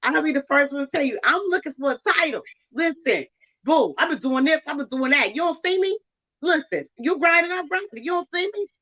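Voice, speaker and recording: Woman guest, preachy and emphatic, high-ish voice, dull lo-fi recording. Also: expressive, brisk, bright, forceful tone. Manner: preachy, emphatic, swinging pitch. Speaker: guest speaker. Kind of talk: casual preachy chat.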